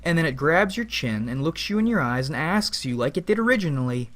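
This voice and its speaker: A man's voice: a little high, very animated, a little fast, a bit bright. Rambling, philosophical male vlogger. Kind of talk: reflective spoken monologue.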